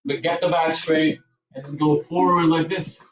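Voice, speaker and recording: A man's voice: a little high, fairly even intonation, normal speed, echoey room, recorded from a distance, dull audio. A man with a Cebuano accent teaching a movement class, cueing breathing and counting while encouraging students. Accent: Filipino, Cebuano. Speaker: yoga and movement instructor. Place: dance studio.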